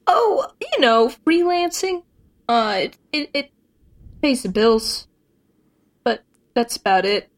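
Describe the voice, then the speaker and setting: A woman's voice: medium pitch, normal speed, natural voice. A woman voicing a broke, wisecracking freelancer who hesitates and fills the talk with ums and jokes. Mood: casual. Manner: hesitant, full of fillers, joking.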